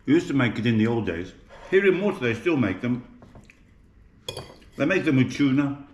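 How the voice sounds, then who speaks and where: With a medium-pitched, darkish voice, lively intonation and normal speed, this Birmingham man chats to viewers as he cooks at home, joking about himself. It's a casual cooking vlog from his home kitchen, and the audio is dull and echoey, with faint clatter.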